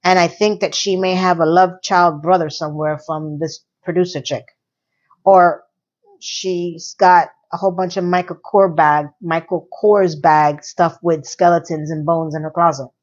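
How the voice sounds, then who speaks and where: A woman's voice: on the low side, unhurried. Sarcastic woman reviewing TV, lo-fi. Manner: animated, sarcastic, swings between loud and soft. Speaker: TV review vlogger. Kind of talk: casual chatty review.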